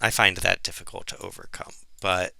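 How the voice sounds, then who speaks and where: A man co-hosting a podcast in casual chat, animated and laughing as he tells stories. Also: deep voice, moderate pace, creaky, no room sound. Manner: mimics voices in quoted anecdotes. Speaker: podcast co-host.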